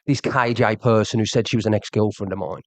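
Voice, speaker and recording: A man's voice: lowish voice, fairly even intonation, fast talker, no echo. A man ranting on a livestream, confrontational and repetitive, talking straight at his viewers. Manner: confrontational, repeats himself, addresses the viewer directly. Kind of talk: heated livestream rant.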